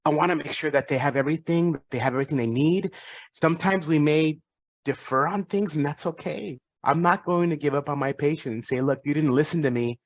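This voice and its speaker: A man's voice: a little high, a little fast, no echo, dull audio. Earnest man telling his story. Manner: earnest, reflective, with many restarts. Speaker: physician and guest speaker. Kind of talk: personal talk to students.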